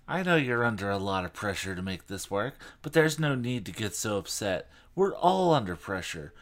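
A man's voice: fairly low pitch, fairly bright tone. A man comedically reading a teen novel aloud, mocking it with put-on character voices. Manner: reads dialogue with exaggerated character voices, mocking asides. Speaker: podcast co-host reading aloud.

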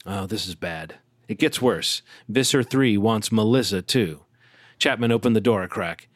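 A man co-hosting a podcast, reading a novel aloud in a playful, animated way and acting out the dialogue. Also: fairly low pitch, moderate pace, no room sound, clean studio sound. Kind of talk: casual read-aloud with acted dialogue.

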